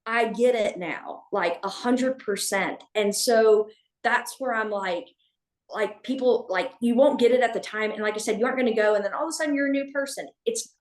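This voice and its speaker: A woman telling a personal story as a podcast guest, speaking candidly, with many restarts and fillers. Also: a little high. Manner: halting, with frequent restarts and fillers. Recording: echoey room.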